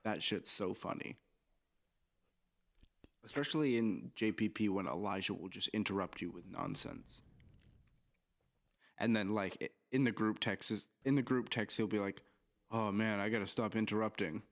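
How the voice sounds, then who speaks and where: A man's voice: on the low side, normal speed, creaky, pauses often. A young man co-hosting a podcast, chatting casually in a rambling, joking, profane way. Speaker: podcast co-host.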